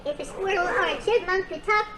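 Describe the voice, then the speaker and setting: A small robot squeaking in a rapid chipmunk voice, as a woman puts it on. It is very high, fast and silly. Steady noise sits behind it.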